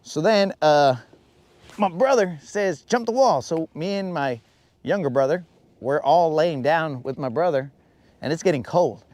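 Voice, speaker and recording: A man hosting a fishing livestream, telling a long rambling story and acting out quotes in a higher voice. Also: animated, measured pace, a little mellow, no room sound. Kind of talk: casual storytelling while fishing. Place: out on a lake, on a boat.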